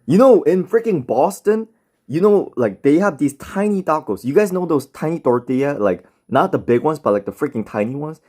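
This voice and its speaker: A man's voice: a little high, expressive, fairly quick, hardly any pauses, darkish tone. A man chatting casually on a live stream while reading chat, rambling with lots of fillers. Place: home, in bed.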